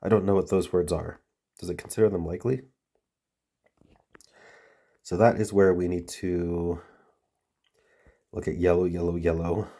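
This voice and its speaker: A puzzle-solving video host, congested from a stuffy head cold, mutters and thinks aloud while working through word puzzles, reading words out and trailing off. His low, warm voice stays level at a moderate pace, with long pauses.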